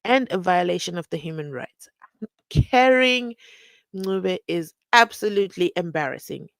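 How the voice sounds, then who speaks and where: A woman's voice: fairly low pitch, animated, measured pace, gravelly, fairly bright tone, no echo. A woman, hosting a live stream, reading viewer comments and acting out the people she quotes with sarcasm. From South Africa.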